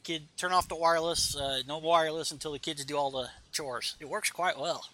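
A man's voice: a little high, steady tone, brisk, sharp tone. A man casually recapping a comic on a remote podcast call, rambling with many fillers and reading lines aloud. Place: home.

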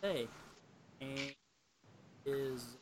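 A man's voice: medium pitch, very slow, slight background noise. A man casually reading a comic book aloud and chatting, rambling with lots of fillers. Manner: rambling, filler-heavy, informal.

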